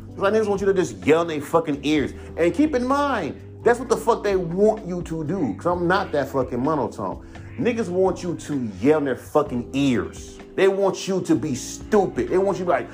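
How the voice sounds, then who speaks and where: A man's voice: high voice, animated, moderate pace, soft background music. A man in his thirties rants in a heated, profane, rambling way on a casual podcast. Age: 30s. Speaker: podcast host, rapper. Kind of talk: casual ranting monologue.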